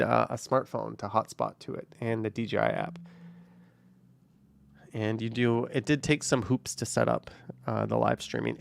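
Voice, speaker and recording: Gravelly, easygoing male streamer. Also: mid-range voice, no echo. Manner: easygoing, thanks viewers and answers questions. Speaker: live streamer reading chat. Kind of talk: casual live-stream chat. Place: car, driving around the city.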